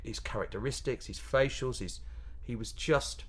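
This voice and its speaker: A man chats as a guest in a relaxed interview, lively and quick to laugh. He keeps tripping into restarts and side comments, and his voice sits at an ordinary middle pitch. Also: husky. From Yorkshire, England. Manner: animated, laughing, many restarts. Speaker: pantomime comedian guest. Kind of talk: casual interview chat.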